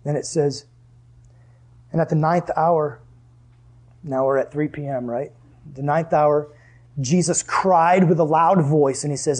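A man preaching a sermon in a conversational way, asking the room questions and dropping to hushed tones for emphasis. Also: on the high side, a little slow, long pauses.

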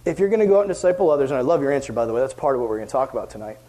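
A young man preaching a casual youth group sermon, animated and playful, acting out quoted voices. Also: medium pitch, racing. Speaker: youth pastor.

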